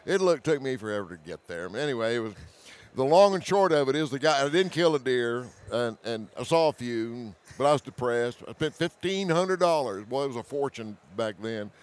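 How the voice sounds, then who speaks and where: A man telling a hunting story as a guest, animated, laughing often, with hurried restarts and repeated words. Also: medium pitch. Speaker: hunting show host as guest. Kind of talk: storytelling in conversation.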